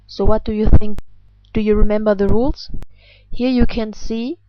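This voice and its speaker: A woman's voice: mid-range voice, steady tone, dull audio, a little hiss or hum. A woman with a German accent who is a native German speaker, teaching pronunciation in a video lesson in a patient way. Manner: patient, slow and exaggerated when modelling words. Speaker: language teacher.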